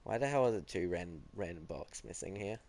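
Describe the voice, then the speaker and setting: A teenage boy with a deep, darkish voice streams a game, talking in a brisk, animated way. He chats casually and teases his viewers as he answers them.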